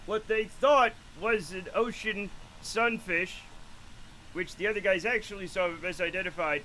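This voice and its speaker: A man's voice: sits high, pushed and bright, a little hiss or hum, poor audio. A man in his late forties chatting casually on a live stream, rambling, profane and self-mocking. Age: late 40s.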